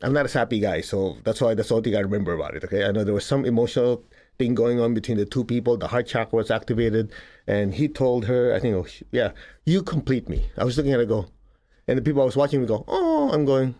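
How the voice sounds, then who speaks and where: A man's voice: mid-range voice, fast talker, warm tone. A man giving a casual spiritual talk to an audience, conversational, laughing often and acting out quotes. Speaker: spiritual teacher.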